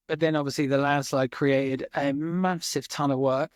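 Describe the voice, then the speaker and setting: A man's voice: mid-range voice, steady tone, normal speed, few pauses, no echo, studio quality. Earnest reflective man telling his story. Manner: earnest, reflective, swears casually. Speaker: guest. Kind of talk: casual storytelling interview. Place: remote farm in Norway.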